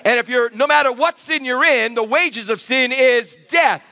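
A male pastor delivers an emphatic sermon in a strikingly high voice. His tone is bright and driving. The sound is close and dry, with no room echo. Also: normal speed. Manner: emphatic preaching with call-and-response. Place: church sanctuary.

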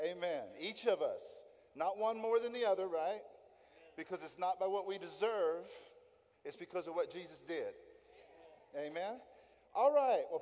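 A man's voice: sits high, mellow. A middle-aged man filling in as a lay preacher, giving an emphatic sermon that he keeps punctuating with "right?" and repeated key points. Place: church sanctuary. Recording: long church reverb.

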